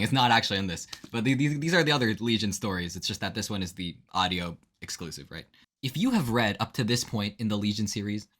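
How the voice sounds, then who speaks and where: A man's voice: medium pitch, a bit bright. A young man giving a casual, rambling spoiler review full of fillers, often checking in with the listener. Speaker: book reviewer.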